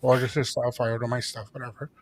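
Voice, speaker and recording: A middle-aged man co-hosting a radio show, telling a story in a lively way and acting out the voices of the people in it. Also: medium pitch, quick pace. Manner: animated, acts out quoted voices, mixes in Spanish phrases. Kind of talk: casual storytelling chat.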